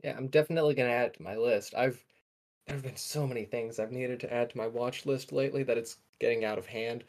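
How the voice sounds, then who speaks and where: A man's voice: medium pitch, steady tone, fast talker, a little mellow. A young man co-hosting a podcast in casual chat, enthusiastic and often correcting himself mid-sentence. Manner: rambling, self-correcting, enthusiastic. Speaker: podcast co-host.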